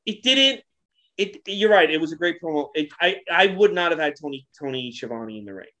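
A man's voice: on the high side, animated, a little fast, bright, forceful tone. A man in casual podcast chat, often restarting his sentences and swearing offhandedly. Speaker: podcast co-host.

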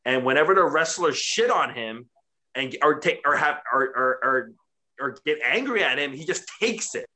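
A man co-hosting a casual wrestling chat, profane and mocking, recapping a show and doing quick impressions. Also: fairly high pitch, animated, sharp tone. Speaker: wrestling podcast co-host.

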